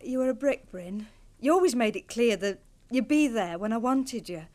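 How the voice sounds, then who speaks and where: An actress playing a torn wife. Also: female voice, on the high side, animated, normal speed, a little mellow, close to an everyday voice. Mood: wistful. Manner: emotional, pleading, hesitant. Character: torn married woman ending an affair. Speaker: actor in a TV drama.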